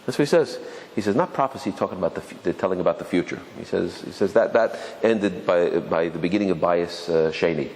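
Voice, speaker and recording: A man's voice: sits low, fast talker, a little mellow. A male rabbi teaching a live Torah class. He asks the audience rhetorical questions, and he often restarts and repeats words as he talks. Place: lecture room with an audience. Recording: reverberant hall with faint noise.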